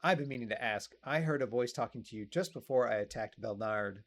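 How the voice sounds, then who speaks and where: A man's voice: mid-range voice, fairly quick, natural voice. Guy reading as a curious young woman in a video game, chatty and eager, plain mid voice.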